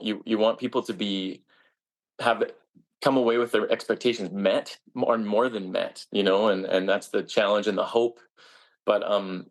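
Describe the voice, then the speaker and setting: A man with a gravelly, fry-edged voice sitting a little low in pitch. He is a stage actor answering interview questions casually. He talks earnestly but haltingly, often restarting his sentences.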